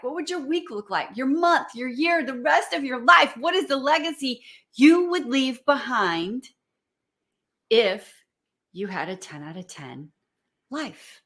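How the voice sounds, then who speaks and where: A woman's voice: a little high, pushed and bright. A middle-aged woman coach leading a live-streamed talk, earnestly putting probing questions to her viewers.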